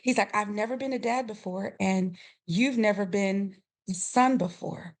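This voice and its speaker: A middle-aged woman guest on a podcast, telling a family story with lively quoted voices and frequent laughter. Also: mid-range voice, a little slow. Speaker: podcast guest, grief coach. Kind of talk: storytelling in a conversational interview.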